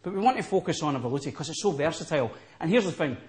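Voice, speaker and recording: A man's voice: fairly high pitch, lively intonation, very fast. A man working as a chef, patiently explaining a recipe step by step in a studio kitchen. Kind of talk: cooking demonstration.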